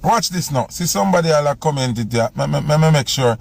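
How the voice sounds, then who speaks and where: A man's voice: a little high, animated, quick pace, vocal fry, slight background noise. A man with a Jamaican accent chatting casually on a phone live stream, rambling and repeating himself while he scrolls through comments. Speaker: selector going live.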